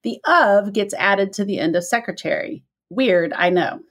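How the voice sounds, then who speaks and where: A woman from the American Midwest with a Midwestern accent, co-hosting a casual chat, chatty and quick to laugh. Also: medium pitch, a bit bright. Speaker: podcast co-host.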